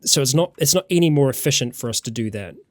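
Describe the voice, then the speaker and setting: A man's voice: mid-range voice, expressive, fast, no echo. A man from New Zealand with a New Zealand accent, casually commenting as he plays a survival game, thinking aloud and greeting viewers in chat. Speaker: let's-play host. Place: warm room at home.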